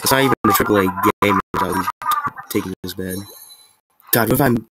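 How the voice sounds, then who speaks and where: A man giving rambling, excitable, self-mocking gameplay commentary. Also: on the low side, brisk, very noisy. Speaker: gamer.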